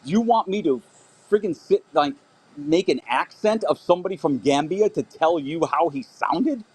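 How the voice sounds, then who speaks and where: A man with a fairly high voice that swings widely in pitch, calling in and arguing back. He sounds defensive and exasperated, with frequent swearing. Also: lively intonation, moderate pace, a little mellow, husky. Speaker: caller. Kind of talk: heated call-in argument.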